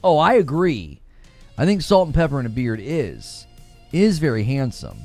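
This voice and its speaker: A man's voice: medium pitch, wildly swooping pitch, moderate pace, darkish tone, faint music behind. A man hosting a casual gaming livestream, joking around, laughing often and answering his chat. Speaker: livestream host.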